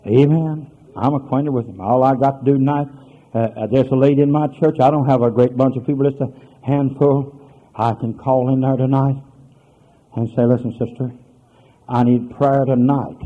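A man preaching a holiness sermon as a pastor, moving between hushed storytelling and loud hollering. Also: mid-range voice, normal speed, phone-quality sound. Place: church.

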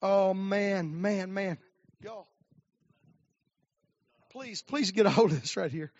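A man preaching a sermon. His delivery swings from low murmurs to shouted climaxes with "uh" fillers. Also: slow, no echo. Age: 50s. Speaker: pastor. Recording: dry, dull lo-fi recording.

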